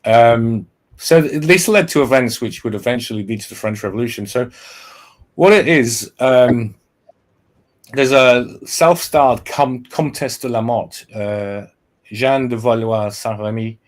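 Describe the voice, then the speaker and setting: A man's voice: mid-range voice, a little slow. A male podcast host explaining a historical plot in casual talk. He reads from notes and keeps stopping to restart and correct himself.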